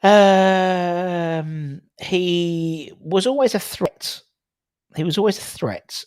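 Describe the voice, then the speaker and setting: A man hosting a fan live-stream, chatting casually about football with callers, often animated and swearing now and then. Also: sits high, extremely slow, smooth, no echo, studio quality. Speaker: host of a fan live-stream call-in show. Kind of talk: casual chat and football opinion.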